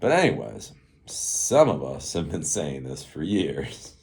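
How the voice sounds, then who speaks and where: A middle-aged man with a notably low voice hosts a casual solo commentary. He rambles in loose, sarcastic asides and breaks into chuckles often. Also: big pitch swings, slow, vocal fry, a little mellow. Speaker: tech commentary host.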